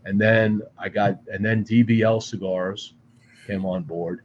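A man's voice: lowish voice, a little slow, slight background noise. Profane storytelling man, slightly muffled. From Boston area. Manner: animated, profane, frequent restarts. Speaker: podcast guest. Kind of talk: casual storytelling. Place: studio.

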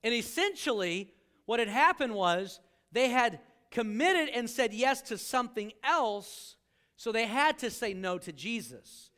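A man's voice: very high-pitched, expressive, measured pace, bright, forceful tone. A male pastor preaching a sermon to a live congregation, joking and acting out quoted voices as he talks.

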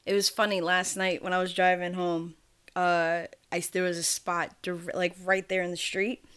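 A woman with a lowish, smooth, fairly bright voice talks at normal speed with little pitch variation. She's a podcast co-host on a video call, casually rambling with profanity and frequent laughs, recorded on a remote mic.

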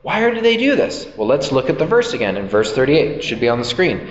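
A man's voice: mid-range voice, big pitch swings, fairly quick. A man preaching a sermon as a pastor, talking in a loose, conversational way and acting out the voices of the people in his stories. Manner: conversational, acts out quoted voices. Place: church hall. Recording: echoey hall, slightly dull sound.

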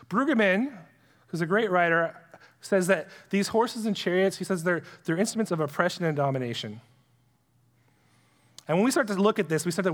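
A man with a notably high voice teaches scripture in a lively, conversational style. He keeps asking his listeners questions. His voice rings out with the long reverb of a large hall. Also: a little fast. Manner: animated, full of rhetorical questions. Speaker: Bible teacher.

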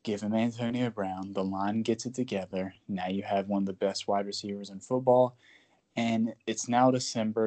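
A man co-hosting a sports podcast, talking in a joking, animated way and sometimes dropping to a whisper. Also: on the low side, moderate pace. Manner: animated, jokey, drops to a whisper at times. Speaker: podcast co-host. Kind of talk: casual sports podcast chat.

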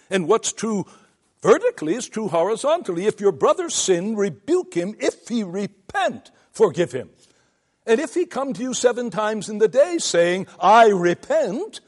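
An older male pastor lectures like a preacher, earnest and emphatic. He takes his time, pausing between phrases, and his voice sits a little higher than most men's. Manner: earnest, emphatic preaching with long deliberate pauses. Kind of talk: seminary lecture in sermon style.

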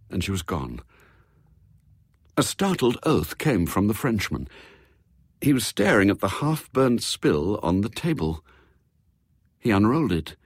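A man reading a story aloud in a measured, expressive narration. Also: fairly low pitch, breathy edge, no echo, studio quality. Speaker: audiobook reader. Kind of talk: scripted narration.

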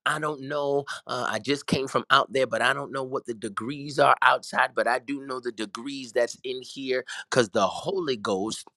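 A man's voice: medium pitch, moderate pace, hardly any pauses, bright, forceful tone, dry recording, low-quality recording. A man, a pastor preaching fervently, breaking into tongues and stammering repeats as he builds. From Southern US. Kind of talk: fervent preaching on a talk show.

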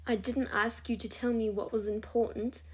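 A woman's voice: on the high side, flat delivery, moderate pace, natural voice. Woman doing an accented kindly elf man. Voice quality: put-on accent that slips.

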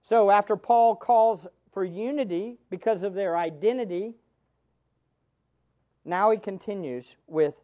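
A man preaching with emphatic force, speaking straight to his listeners and hammering his main points through repetition. The recording sounds dull and lo-fi, with the highs rolled off. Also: measured pace, dark tone. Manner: emphatic, repeats key phrases, addresses listeners directly. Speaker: pastor. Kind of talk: sermon.

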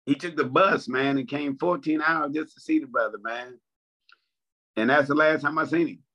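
A man's voice: on the high side, normal speed, pushed and bright. A male stand-up comedian in casual chat, reminiscing in a laid-back way. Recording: dull lo-fi sound.

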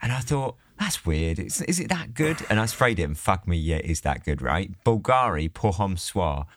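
Man, low voice, lively pitch, rambling casual chat, dry recording. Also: moderate pace, dry recording. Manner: rambling, swears, laughs a lot. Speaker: podcast co-host.

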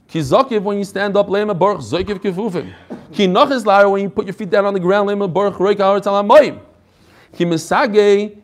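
A male Torah teacher with a high voice gives a classroom lecture, reading each phrase and then explaining it energetically, with chatty asides and jokes along the way.

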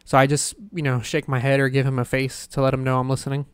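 A young man rambles through a casual podcast story, leaning on filler words. His voice is smooth and clear, and the recording sounds dry and close. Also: mid-range voice, completely flat delivery, fast, dry recording. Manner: rambling, full of "like" fillers and laughter. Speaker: podcast host.

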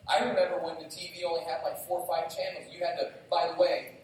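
Middle-aged pastor guy preaching, bit high voice, tells funny stories on himself, big echoey church far off the mic. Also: quick pace, a little hiss or hum. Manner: lively storytelling, self-mocking humor. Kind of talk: sermon. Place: church sanctuary. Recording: very echoey hall, heard from afar.

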